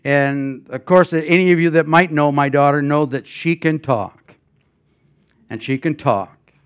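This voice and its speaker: An older man preaches as a guest pastor, spinning homespun stories full of fillers and false starts. His smooth, slightly high voice rises into loud emphatic passages and drops to quiet asides. The sound is dry and close. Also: fairly even intonation, normal speed, no room sound. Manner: folksy storytelling with many fillers and restarts. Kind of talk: sermon.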